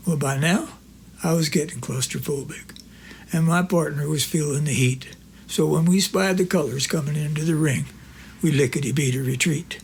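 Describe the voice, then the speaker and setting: A man's voice: fairly high pitch, normal speed, vocal fry, a little hiss or hum. A man performing as a cowboy poet, reciting rhymes and telling stories on stage in a folksy drawl full of rural slang.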